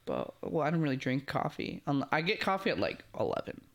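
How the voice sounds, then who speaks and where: A man's voice: a little high, huge pitch swings, brisk, fairly bright tone. A man co-hosting a podcast in easygoing casual chat, full of "like" fillers. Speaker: podcast co-host.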